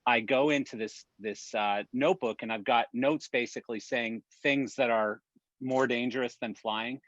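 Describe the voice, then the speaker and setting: A man's voice: medium pitch, fairly even intonation, fairly bright tone, no room sound, highs cut off, natural voice. A man doing a nervous, tipsy flyer. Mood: anxious. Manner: anxious, halting.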